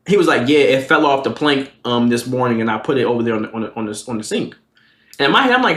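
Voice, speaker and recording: A young man in his twenties telling a casual, profane storytime, jumping into animated quoted lines. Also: medium pitch, fast. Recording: roomy echo.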